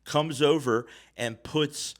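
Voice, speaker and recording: A man in his thirties hosting a podcast, telling a story in a casual, profane way that swings from mumbling to loud. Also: on the high side, takes it slowly. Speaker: podcast host.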